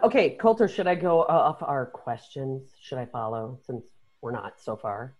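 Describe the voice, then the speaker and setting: Animated woman telling stories, lo-fi. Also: very deep voice, normal speed, husky. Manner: animated storyteller, swears, acts out quotes, laughs often. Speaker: podcast host. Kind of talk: casual chat. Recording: dull lo-fi sound.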